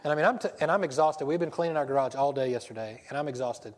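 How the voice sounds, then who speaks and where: A man's voice: medium pitch, fast talker. A man preaching a casual sermon, rambling and breaking into stories, often restarting his sentences. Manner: rambling, self-interrupting storyteller. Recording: long hall reverb.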